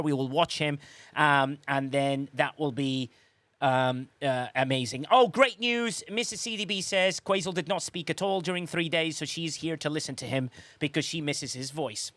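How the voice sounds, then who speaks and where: A man with a somewhat high voice hosts a relaxed livestream podcast and reads viewers' comments aloud. He rambles and restarts himself, with teasing sarcasm. The sound is close and dry, with no room echo. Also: normal speed. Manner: chatty, rambling, with frequent restarts and sarcastic asides. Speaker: podcast host. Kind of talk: casual livestream chat reading viewer comments.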